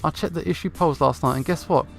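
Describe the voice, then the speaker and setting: A man's voice: a little high, fast talker, gravelly. A man voicing an upbeat female cat campaign manager, reading her lines in a chipper, encouraging way in his own voice. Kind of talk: visual novel voice-over reading.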